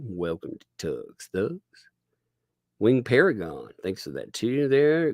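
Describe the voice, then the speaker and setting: A man's voice: lowish voice, gravelly, no room sound, studio quality. A man hosting a casual livestream, rambling and laughing as he thanks viewers and reads chat. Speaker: livestream host.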